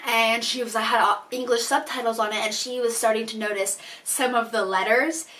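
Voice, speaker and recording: A woman's voice: on the high side, fairly even intonation, brisk, a bit bright, far from the mic. A woman chatting casually to camera in a vlog, bubbly and laughing at herself. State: out of breath. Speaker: vlogger.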